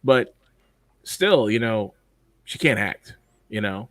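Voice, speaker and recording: A man's voice: lowish voice, lively intonation, slow, fairly bright tone, no echo. A man co-hosting a podcast in casual chat, blunt and profane, rambling with lots of fillers. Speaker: podcast co-host.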